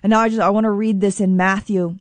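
A woman preaching a sermon in an earnest, emphatic way. She repeats key phrases and slows down to stress them. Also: medium pitch, little pitch movement, dry recording.

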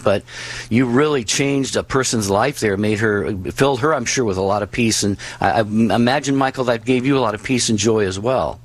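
A man's voice: mid-range voice, fairly quick, rough recording. A man hosting an interview, summing up the guest's story in a reflective, affirming way with many "you know" fillers. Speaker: host. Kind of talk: radio interview.

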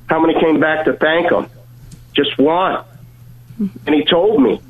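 A man tells a heartfelt story over a thin, phone-like line, his voice sitting a little high for a man. He talks earnestly and haltingly, stumbling and repeating words as he goes. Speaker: caller telling a personal faith story. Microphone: telephone.

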